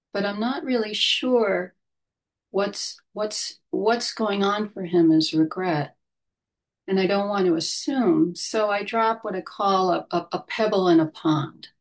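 A woman of middle pitch tells a reflective personal story at an unhurried pace. She is gentle and thoughtful and often lets her voice fall soft and quiet. She sounds like a spiritual caregiver recounting a visit.

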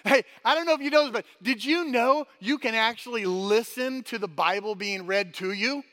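A man preaching a sermon as pastor, energetic and chatty, often tossing "right?" at the congregation and restarting his sentences. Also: extremely high pitch, moderate pace. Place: church hall. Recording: long hall reverb.

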